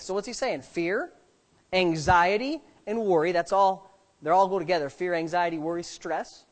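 A preacher delivering a sermon, firing rhetorical questions at the congregation and shifting between quiet asides and loud, slowed-down emphasis. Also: mid-range voice. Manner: jokes lightly with the listeners.

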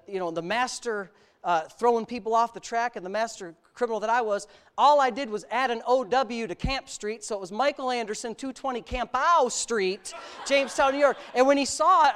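A man's voice: very high-pitched, a bit bright, smooth. A male pastor from the United States giving a candid personal testimony in a sermon, mixing self-mocking humor with serious storytelling.

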